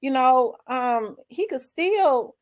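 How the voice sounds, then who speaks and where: A middle-aged woman, hosting her own show and candidly telling a personal story, acting out the dialogue with big swings in her voice. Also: takes it slowly. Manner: animated, acts out quoted dialogue with big pitch jumps. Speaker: host.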